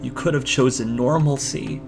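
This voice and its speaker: A man voicing a disappointed, grieving middle-aged father who speaks softly and sorrowfully, half whispering. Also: mid-range voice, steady tone, moderate pace, gravelly, over music, voice pushed up, natural voice.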